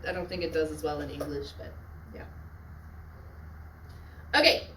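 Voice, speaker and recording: A woman teaching a Latin class on literary devices, often checking in with her students and adding quick asides. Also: fairly high pitch, a bit bright, slight background noise. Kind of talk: classroom lecture. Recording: echoey classroom from far off.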